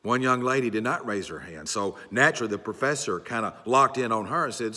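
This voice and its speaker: A pastor preaching earnestly and circling back to his key phrases. His mid-pitched voice is bright and forceful. It rings in the long reverb of a church sanctuary. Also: animated, a little fast, hardly any pauses. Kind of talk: sermon.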